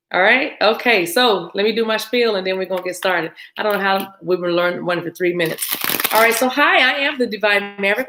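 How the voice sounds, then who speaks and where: A woman's voice: medium pitch, background noise. American woman, tarot host, casual chat with viewers, easy laughs, audible clicks under the voice. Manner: chatty, warm greetings to viewers, laughs often. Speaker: tarot reader hosting a live stream. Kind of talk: casual live-stream chat.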